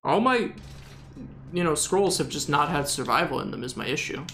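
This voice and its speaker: Young Southern man, rambling jokey gameplay commentary, slightly high voice. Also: lively intonation, normal speed, fairly bright tone, slight background noise. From Southern United States. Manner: joking, exasperated, rambling.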